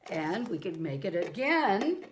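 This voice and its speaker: Slow, gentle woman teaching kids music. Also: fairly low pitch, very animated, roomy sound, background noise. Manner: gentle, patient, speaks to young children; sings and chants rhythm syllables. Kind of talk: children's music lesson.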